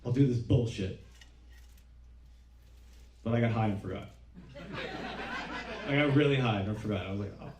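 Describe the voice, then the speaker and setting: A middle-aged man doing a stand-up comedy set, deadpan and self-deprecating, swearing freely. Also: lowish voice, quick pace, long pauses, noisy background. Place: small comedy club stage. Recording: roomy club sound from a distance. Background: audience laughter.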